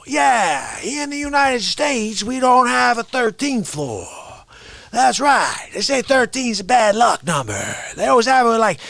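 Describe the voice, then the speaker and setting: A man putting on the voice of a brash older male movie tough guy, shouting in punchy exclamations. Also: extremely high pitch, gravelly, no room sound, voice pushed up, heavily acted.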